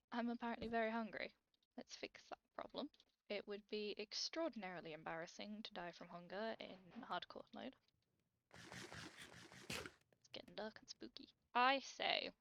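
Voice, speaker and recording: A woman's voice: mid-range voice, fairly bright tone, slight background noise, poor audio. A British woman giving chatty, self-deprecating gameplay commentary as she plays, talking to herself. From Britain. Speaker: Let's Play creator.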